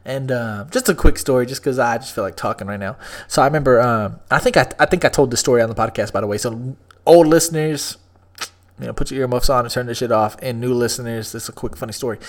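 A man's voice: mid-range voice, fast talker. Man, twenties, from Texas, podcast host, solo monologue, profane, storytelling. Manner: profane, storytelling, laid-back then hyped outro.

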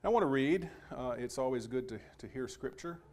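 A man delivers a Sunday sermon at a mid-range pitch. He talks in a measured, halting way, often restarting phrases, and reads scripture passages aloud. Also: animated, darkish tone. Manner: measured, with frequent restarts and pauses. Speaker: preacher.

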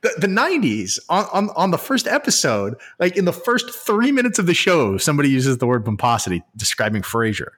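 A man co-hosting a podcast in easygoing casual chat, sometimes bursting into excited storytelling. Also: a little high, a little fast, few pauses, breathy edge. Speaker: podcast co-host.

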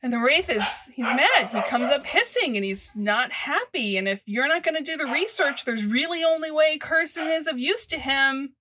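A woman's voice: high-pitched, expressive, normal speed, hardly any pauses, pushed and bright, slight background noise. A woman co-hosting a casual podcast, animatedly retelling a TV episode with frequent swearing and laughter. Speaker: podcast co-host recapping a TV show. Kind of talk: casual chat.

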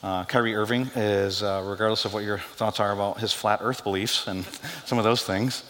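A man preaching a sermon as pastor, animated and joking, dropping his voice low for quoted lines. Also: moderate pace. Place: church sanctuary. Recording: long hall reverb.

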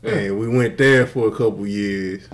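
A man's voice: on the low side, unhurried, a crowd in the background. A man co-hosting a podcast in casual chat, telling stories animatedly, swearing freely and laughing often. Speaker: podcast co-host.

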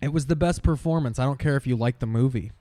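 A man's voice: medium pitch, quick pace, mellow, no room sound. A man from Nicaragua making blunt, crude comments while watching an awards show on TV. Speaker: viewer commenting on a TV broadcast. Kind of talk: casual chat.

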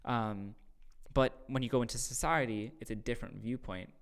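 A man hosting a casual faith discussion, explaining a scripture passage earnestly and acting out quoted voices in loud bursts. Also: medium pitch, fairly even intonation, moderate pace, vocal fry. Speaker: podcast host teaching scripture.

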